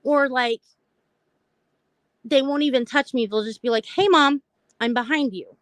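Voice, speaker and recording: Recorded dry, her fairly high voice moves at a moderate pace. She hosts a mental health live stream, chatting openly about her own story and talking directly to viewers.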